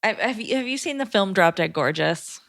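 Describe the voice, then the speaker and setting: A woman co-hosting a podcast, chatting and reading listener letters aloud in a measured, matter-of-fact way. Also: medium pitch, expressive, gravelly, fairly bright tone, no echo, studio quality. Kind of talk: casual podcast chat.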